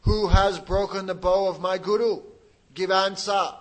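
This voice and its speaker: A man voicing a furious old male warrior-sage who shouts, boasts and threatens with his axe, in a retold sacred tale. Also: high-pitched, fairly even intonation, unhurried, pitched above the performer's own voice, low-quality recording.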